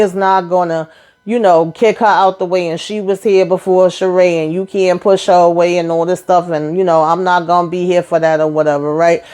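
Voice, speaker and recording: Slangy, chatty woman recapping a show. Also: on the low side. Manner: slangy, animated storytelling with frequent asides. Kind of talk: casual recap chat.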